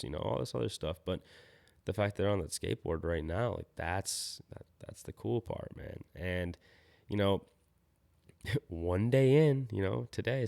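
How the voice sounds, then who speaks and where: A young man talks loosely on his own podcast, with a low voice and a gravelly edge. He rambles, sometimes loses his train of thought, and sounds a bit tired. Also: a little mellow. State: tired, yawning. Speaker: podcast host. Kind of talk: casual solo podcast talk.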